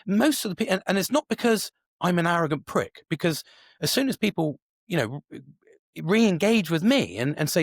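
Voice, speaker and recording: A man's voice: high voice, sing-song, moderate pace, no room sound, studio quality. A man, a podcast host talking alone in a casual, rambling way with lots of swearing and restarts. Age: 40s. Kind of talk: casual solo monologue.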